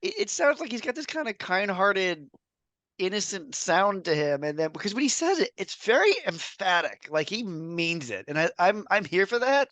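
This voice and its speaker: Lively podcast co-host musing out loud. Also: male voice, high voice, normal speed, no room sound. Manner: wondering aloud, emphatic, lively. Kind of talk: casual chat.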